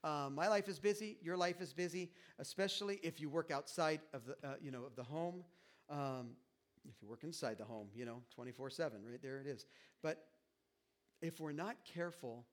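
A middle-aged man preaching a sermon as pastor, animated and jokey, acting out little quoted asides to the congregation. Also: on the high side, moderate pace.

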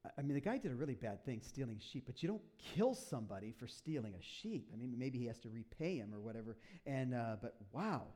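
A man preaching a sermon to a congregation in a church, retelling a story with lively asides and acting out the characters. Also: medium pitch, fast, few pauses. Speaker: pastor.

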